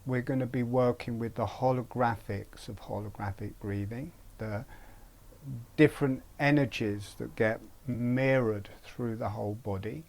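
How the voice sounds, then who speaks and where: Slow, gentle man teaching breathing. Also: mid-range voice, fairly even intonation. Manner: slow, gentle, halting with pauses. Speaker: meditation teacher. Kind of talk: webinar breathing instruction.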